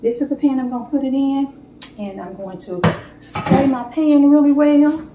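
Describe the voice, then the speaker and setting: A woman chatting warmly to viewers as she bakes a cake in her home kitchen. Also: high-pitched, normal speed, echoey room, background noise. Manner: chatty, heartfelt, talks straight to viewers. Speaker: home baking vlogger. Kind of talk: casual cooking demo chat.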